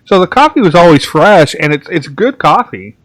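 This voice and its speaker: A man telling rambling casual stories in a relaxed chat, full of restarts and fillers. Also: fairly high pitch, normal speed, dry recording. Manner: rambling storyteller, many restarts and "like"s. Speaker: podcast host.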